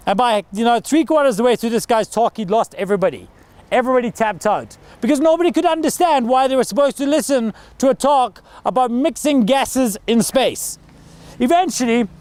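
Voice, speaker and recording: Energetic high-voiced male speaker. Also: smooth, no room sound. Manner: energetic, storytelling, acts out quotes. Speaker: guest speaker. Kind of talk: talk to school students. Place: school hall.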